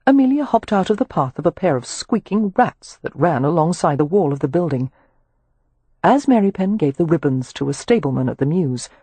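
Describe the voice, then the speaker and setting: An audiobook narrator reading a period romance with expressive, measured storytelling. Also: mid-range voice, husky, dry recording.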